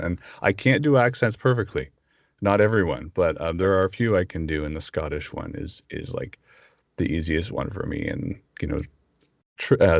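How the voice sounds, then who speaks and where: A man, a voice actor, chatting in an interview and animated, often breaking into impressions. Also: deep voice, no room sound, lo-fi sound. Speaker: voice actor guest. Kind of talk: casual interview chat.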